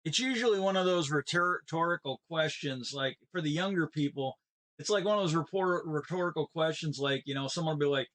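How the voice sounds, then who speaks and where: Folksy rambling streamer man, higher voice. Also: animated, quick pace, fairly bright tone. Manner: rambling storytelling with folksy sayings; chats with viewers by name. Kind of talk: casual chat while gaming.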